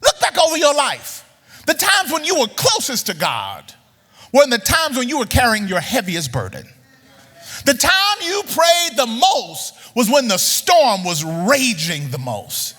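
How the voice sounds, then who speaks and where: A man preaching a sermon in a church, animated, repeating words as he builds up and throwing questions at the audience. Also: extremely high pitch, a little slow, big-room sound. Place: church sanctuary.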